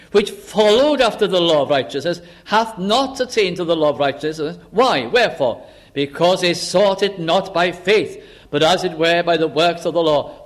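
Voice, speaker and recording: A man preaching a sermon, who explains scripture and acts out little dialogues between characters. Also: high-pitched.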